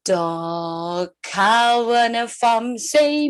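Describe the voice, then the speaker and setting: A young woman kindergarten teacher, telling a farm-animal story to small children in an animated, sing-song way with exaggerated gasps. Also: a little high, drawn-out words. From South Korea.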